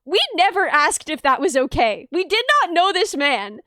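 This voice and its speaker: A woman's voice: high-pitched, normal speed, dry recording, clean studio sound. A woman streamer chatting casually on a home mic, telling childhood stories with lots of giggles. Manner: giggly, animated storytelling. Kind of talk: casual chat.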